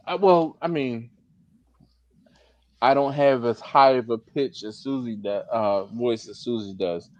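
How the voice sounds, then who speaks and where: A man hosting a casual barbecue livestream, animated and laughing often, reading comments aloud and breaking into high put-on voices. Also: a little slow, dry recording, muffled recording. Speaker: livestream host. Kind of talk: casual live-stream chat.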